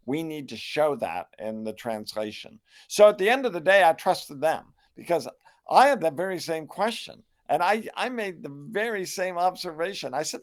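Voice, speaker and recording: An older man, a New Testament scholar, answering interview questions in a measured, reflective way with frequent restarts. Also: a little high. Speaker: New Testament scholar and Bible translator, guest.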